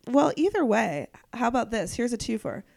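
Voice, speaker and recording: A woman co-hosting a podcast, talking casually while stuffed up with a cold, chatty and quick to laugh at herself. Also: on the high side, sing-song, vocal fry, darkish tone. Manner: giggly, chatty, self-mocking. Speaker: podcast co-host. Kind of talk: casual chat.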